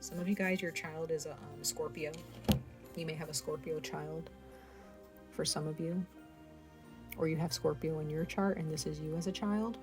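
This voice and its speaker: A woman's voice: deep voice, fairly even intonation, moderate pace, long pauses, over music. A woman giving a casual tarot reading, talking straight to her viewers with lots of fillers. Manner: chatty, speaks straight to viewers with many fillers. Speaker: tarot reader.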